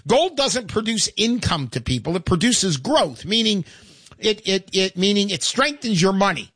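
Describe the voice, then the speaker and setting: Animated older male radio host. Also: sits high, normal speed, no echo, clean studio sound. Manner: animated, chatty, emphatic repetition. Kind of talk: call-in radio talk.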